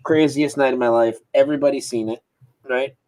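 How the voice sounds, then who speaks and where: A man tells a story in a loose, animated way, stops to mimic thuds and footsteps, and swears without a second thought. His voice sits at an ordinary middle pitch and comes through a video call. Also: a little fast, low-quality recording. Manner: animated, imitates sounds, swears freely. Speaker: interview guest. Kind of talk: casual storytelling.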